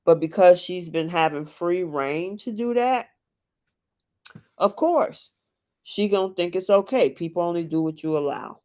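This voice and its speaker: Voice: mid-range voice, measured pace. A live stream host giving a casual, opinionated recap of a reality dating show, acting out what people said and reacting to the chat. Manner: animated and opinionated, acts out what cast members said; reacts to viewers in the chat mid-talk.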